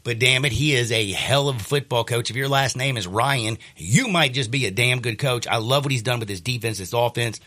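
A male sports radio host, congested from sinus trouble, talking in a rambling, animated, jokey way. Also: mid-range voice, brisk, few pauses. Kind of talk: sports talk radio chat.

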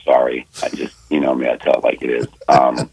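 A man talking on sports radio as a betting analyst, telling a story fast and with emphasis, acting out both sides of a phone call. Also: very deep voice, little pitch movement, creaky, a little mellow, slightly rough.

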